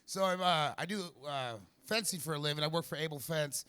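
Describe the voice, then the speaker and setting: A nervous amateur comedian performs stand-up at a small comedy spot in a vape shop, delivering meandering jokes in fits and starts with lots of fillers. He has a fairly high voice with a sharp, clean tone.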